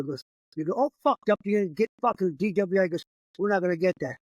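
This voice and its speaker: A man's voice: high-pitched, fast talker, no room sound, highs cut off. An older man, a comedian, telling a rambling, profane story in casual conversation. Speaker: comedian guest.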